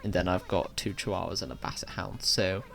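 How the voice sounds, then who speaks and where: A man's voice: low voice, steady tone, brisk, creaky, fairly bright tone, faint music behind. A young man chatting casually with viewers on a live game stream, friendly and talkative.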